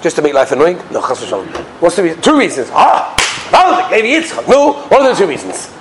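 A man teaching Jewish law as a lively lecture, full of stories and rhetorical questions. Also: on the high side, fast talker, noisy background. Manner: lively storytelling, rhetorical questions, mixes Yiddish and Hebrew terms. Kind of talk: animated lecture with anecdotes.

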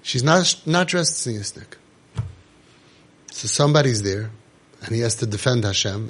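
A man's voice: medium pitch, expressive, normal speed, pauses often, slightly rough. A man, delivering an impassioned monologue full of rhetorical questions and Yiddish terms. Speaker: parenting organization speaker.

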